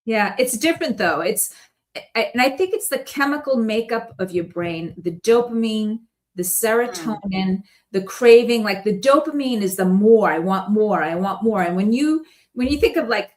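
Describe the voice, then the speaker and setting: A woman's voice: mid-range voice, lively intonation, moderate pace, darkish tone. A woman guest in casual conversation, telling stories in a chatty way and laughing often. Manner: chatty storytelling with frequent laughs.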